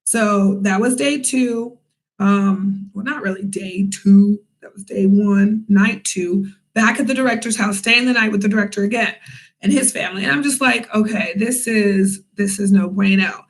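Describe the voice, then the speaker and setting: A young woman telling a casual storytime vlog, chatty and animated, with many fillers and asides to her viewers. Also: mid-range voice, normal speed, rough recording. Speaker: vlogger, English teacher in Korea.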